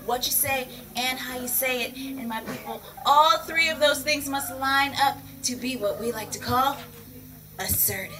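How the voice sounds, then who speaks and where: A woman teaching children outdoors in a lively, playful way, calling the kids "my people" and "y'all.". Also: sits high, moderate pace, distant mic, low-quality recording. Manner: energetic, playful, calls the crowd "my people" and "y'all". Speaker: peace educator teaching children.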